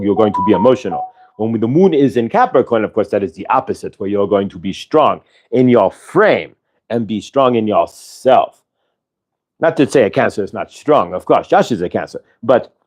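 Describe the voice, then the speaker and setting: A man's voice: mid-range voice, darkish tone, natural voice. A man channeling a friendly pair of spirits who speak as one "we", giving a chatty spiritual talk in a raised voice.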